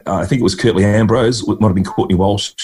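A man's voice: fairly low pitch, fairly even intonation, quick pace, a little mellow. A middle-aged Australian man from Queensland, a guest telling rambling, chuckling anecdotes and mimicking people in a casual interview.

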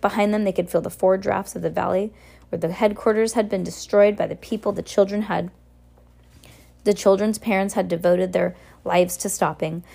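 A woman's voice: mid-range voice, steady tone, moderate pace, gravelly, mellow. Woman casually reading a novel aloud. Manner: casual, stumbles and self-corrects. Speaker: reader.

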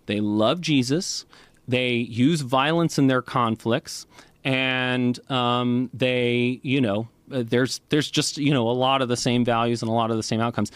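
A man's voice: medium pitch, measured pace, clean tone, no room sound. Man, casual talk, keeps saying right and you know, dry close recording. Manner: lively, frequent "right?" and "you know" fillers. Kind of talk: casual conversational explanation.

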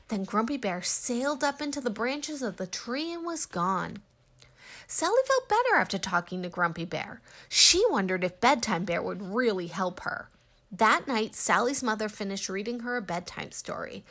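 A woman narrating a children's storybook aloud with gentle, expressive reading. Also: mid-range voice, normal speed.

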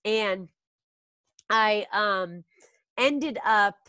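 A woman from the Washington DC area, a Spanish teacher, speaking as a podcast guest in energetic casual talk with frequent fillers. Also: medium pitch, drawn-out words, clear, resonant tone, dry recording. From Washington DC area, USA.

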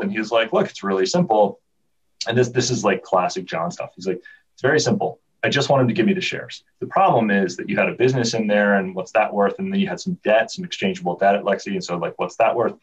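A man talking quickly in a casual chat, telling stories with energy and often restarting his sentences. His voice sits a little low and sounds husky. The audio is muffled and comes from some way off the mic. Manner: animated storyteller, many restarts. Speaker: podcast guest. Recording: dull, distant remote audio.

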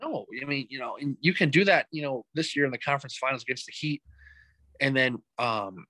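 A man co-hosting a podcast, chatting casually about sports with animated, joking stories. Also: mid-range voice, a little fast, no echo, low-quality recording. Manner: animated storytelling with joking asides. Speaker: podcast co-host.

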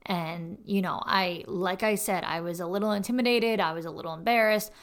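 Young woman with a gravelly edge. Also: medium pitch, fairly quick. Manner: chatty, peppers speech with "like" and "honestly". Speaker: podcast host. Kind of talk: casual storytelling monologue.

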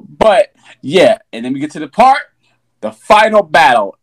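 A laid-back man co-hosting a podcast, chatting about a movie and often tagging lines with "man". His pitch swings freely up and down as he talks. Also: big pitch swings, normal speed. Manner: laid-back, repeats himself, ends phrases with "man". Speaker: podcast co-host. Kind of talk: casual movie review chat.

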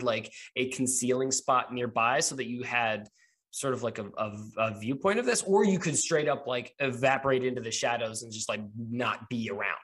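Laid-back man running a tabletop game. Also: medium pitch. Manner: relaxed, hesitant with fillers, laughs often. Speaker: game master.

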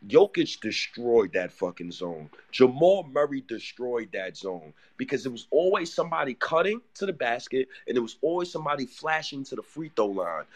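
Animated male sports podcast host. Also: medium pitch, normal speed, few pauses. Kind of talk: sports debate talk.

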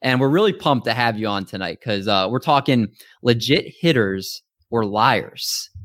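A man's voice: mid-range voice, lively intonation, moderate pace, fairly bright tone, no room sound, studio quality. A man hosting a podcast, chatting casually with upbeat, hyped introductions over a remote call mic. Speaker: podcast host.

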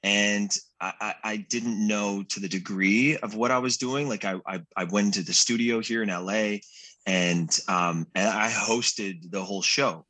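A man's voice: lowish voice, fairly even intonation, measured pace, sharp tone. A middle-aged man chatting as a guest in an interview, talking in loose, restarting sentences. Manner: rambling, many restarts. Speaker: guest actor. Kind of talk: casual interview chat.

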